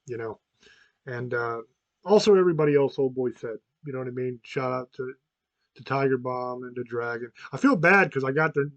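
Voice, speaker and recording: A man's voice: mid-range voice, no echo, lo-fi sound. A man in his fifties hosting a podcast, talking in a frank, rambling and profane way, often restarting his sentences. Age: 50s. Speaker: podcast host. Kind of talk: casual chat.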